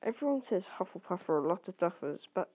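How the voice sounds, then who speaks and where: A woman's voice: lowish voice, sing-song, brisk, dark tone, breathy edge. A woman voicing a curious, unsure young boy wizard in an amateur audiobook reading, asking questions.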